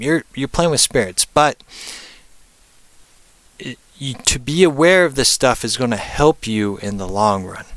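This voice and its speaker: A man's voice: fairly bright tone, no room sound. A man giving a casual spoken presentation as a spiritual teacher, rambling with many fillers and tag questions. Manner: rambling, frequent "um" and "right?"; puts on brief high voices for spirits.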